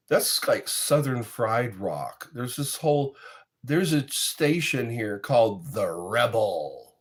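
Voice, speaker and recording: A man's voice: mid-range voice, lively intonation, slow. A middle-aged man, chatting casually and rambling between topics. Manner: rambling, sings snippets and quotes in goofy voices. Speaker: streamer chatting with viewers. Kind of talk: casual chat.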